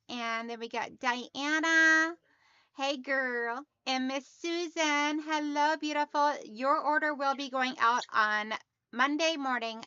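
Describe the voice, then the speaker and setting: A woman's voice: high-pitched, sharp tone, dry recording, lo-fi sound. A woman hosting a sewing livestream, chatting casually and greeting her viewers one by one by name.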